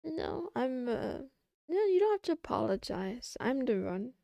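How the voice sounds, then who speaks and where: A woman's voice: high voice, very animated, moderate pace, creaky, warm tone, dry recording. A woman streamer chatting casually on a live stream, answering her chat in a sarcastic, playful way.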